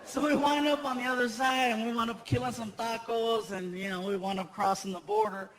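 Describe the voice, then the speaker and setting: A man's voice: very high voice, brisk. A man telling a stand-up comedy story on stage, acting out other people's voices. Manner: animated storyteller who acts out other characters' voices. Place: large theater with a live audience. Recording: live stage recording with audience noise.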